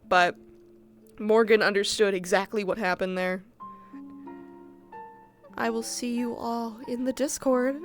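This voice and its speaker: A woman streamer with a somewhat high voice chats casually with her viewers, talking to chat directly and swearing freely. Faint music plays softly behind her. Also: steady tone, unhurried, pauses often. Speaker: livestreamer. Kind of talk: casual chat with viewers after a roleplay session.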